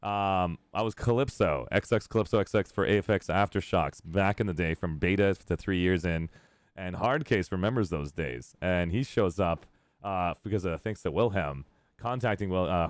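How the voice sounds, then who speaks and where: Male streamer host, deep register, dry close mic, rambling and laughing easily. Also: moderate pace, dry recording. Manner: upbeat, rambling, laughs often. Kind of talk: casual live-stream chat.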